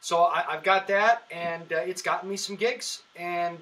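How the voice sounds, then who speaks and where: A man's voice: high voice, fairly even intonation, measured pace, pushed and bright, rough recording. A man, a comedian, chatting casually on a podcast and telling rambling stories full of fillers and restarts. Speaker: comedian guest.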